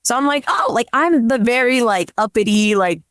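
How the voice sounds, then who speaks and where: A woman's voice: fairly high pitch, moderate pace, smooth, no echo, studio quality. A young woman, a police dispatcher, telling a story in casual chat and leaning on "like" constantly. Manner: chatty, leans on "like" constantly. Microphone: podcast microphone.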